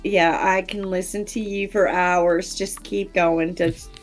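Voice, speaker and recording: A woman streamer chatting as a guest, expressive and quick to laugh. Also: fairly low pitch, faint music behind. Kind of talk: casual interview chat.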